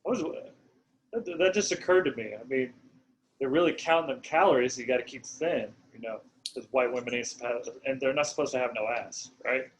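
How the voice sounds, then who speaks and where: A man's voice: mid-range voice, a little fast, a little hiss or hum, poor audio. A man co-hosting a podcast, rambling and laughing through casual banter. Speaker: podcast co-host. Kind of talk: casual chat.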